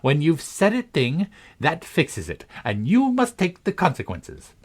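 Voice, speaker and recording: A man's voice: on the high side, huge pitch swings, unhurried, pitched above the performer's own voice, heavily acted. Red Queen: a man doing a haughty, bossy queen. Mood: imperious.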